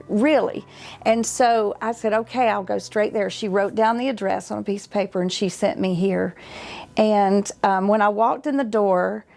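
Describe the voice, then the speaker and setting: A woman's voice: medium pitch, darkish tone. A middle-aged woman giving an earnest, heartfelt personal testimony about a hard time in her life. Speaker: client telling her story. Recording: faint music underneath.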